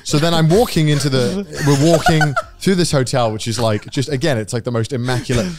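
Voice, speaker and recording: A man's voice: mid-range voice, fairly quick, background noise. A man hosting a podcast, telling a story in casual chat, swearing freely and acting out quotes. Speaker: podcast host.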